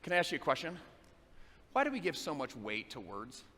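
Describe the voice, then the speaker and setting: A man giving a motivational talk, telling a story and asking the audience questions in an animated way. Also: on the high side, brisk. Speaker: motivational speaker. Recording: long reverb of a big hall, faint noise.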